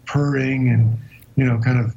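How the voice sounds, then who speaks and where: A man being interviewed as a guest explorer, telling a long story in a vivid but halting way with many hesitations. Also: medium pitch, steady tone, warm tone, lo-fi sound. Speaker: guest explorer recounting an expedition.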